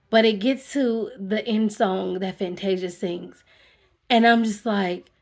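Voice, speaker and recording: A woman who works as a therapist talks to camera in a casual, animated way, telling a personal story. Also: medium pitch. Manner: animated, conversational, acts out her own reactions. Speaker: vlogger.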